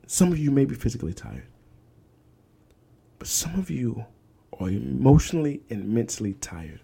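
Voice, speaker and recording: Preaching on his podcast, a young host is emphatic, circling back to phrases and lowering to whispers. His medium-pitched voice swings widely in pitch at a normal pace, gravelly yet mellow with a breathy edge and long pauses.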